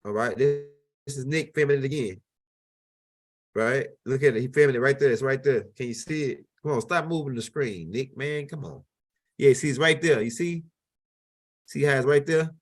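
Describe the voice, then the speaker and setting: A man with a medium-pitched voice hosts his own channel, speaking at a moderate pace. He talks casually and animatedly over video clips, rambling and restarting his sentences many times.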